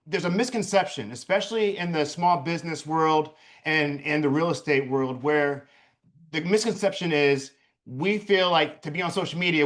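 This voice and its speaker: A man's voice: on the high side, a bit bright. A man who works as a videographer, speaking bluntly and emphatically in casual chat and swearing freely.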